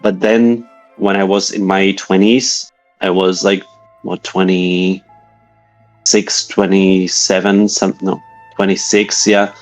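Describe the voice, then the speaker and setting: A man's voice: low-pitched, little pitch movement, slow pace, soft background music, poor audio. A man from Slovakia in his thirties with a Slovak accent, telling a story as a guest in a casual interview, with hesitant, filler-heavy, nonnative phrasing.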